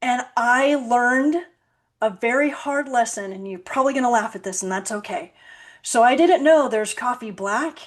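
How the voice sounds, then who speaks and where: A woman's voice: a little high, moderate pace. A woman hosting a podcast, telling stories with acted-out quotes and frequent laughter. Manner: animated storyteller, acts out quotes, laughs often. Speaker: podcast host. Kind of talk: casual podcast chat.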